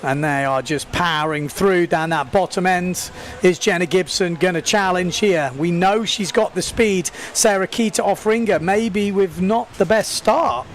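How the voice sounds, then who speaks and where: Excitable man calling a windsurf race. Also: high voice, a little slow, few pauses, slight background noise. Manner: excitable, talks over the action. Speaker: windsurfing commentator. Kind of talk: live sports commentary.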